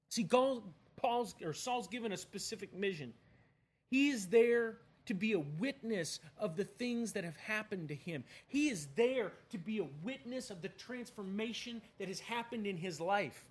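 High-voiced man preaching a sermon. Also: expressive, a little slow. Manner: conversational, emphatic, rhetorical questions.

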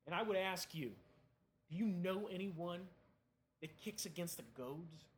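High-voiced man preaching a sermon. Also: unhurried. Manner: conversational, emphatic, rhetorical questions.

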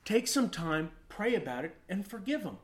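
A man in his thirties preaching a sermon as pastor, telling stories with animated, acted-out outbursts. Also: high-pitched, normal speed. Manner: animated storytelling, acts out his own rants.

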